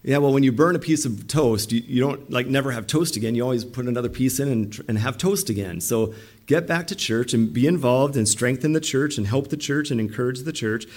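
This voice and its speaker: A middle-aged male pastor preaching a sermon in an animated way, acting out the voices he quotes. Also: mid-range voice, brisk.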